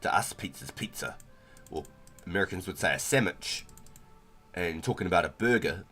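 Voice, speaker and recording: Deep-voiced laid-back Kiwi gamer guy. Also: animated, moderate pace, pushed and bright, faint music behind. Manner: laid-back, slangy, rambling with frequent "bro" and "like". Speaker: livestreamer. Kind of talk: casual gaming stream chat.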